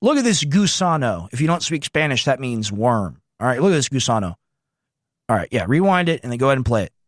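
A man hosting a show, reacting to news clips with sarcastic, mocking political commentary and telling the producer when to pause. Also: medium pitch, big pitch swings, no room sound, studio quality.

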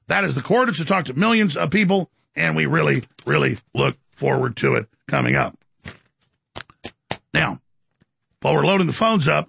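A man hosting a talk radio show with a gravelly voice and a bombastic, rapid-fire delivery. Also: high voice, bright, forceful tone, no room sound. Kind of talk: fast-paced talk radio monologue.

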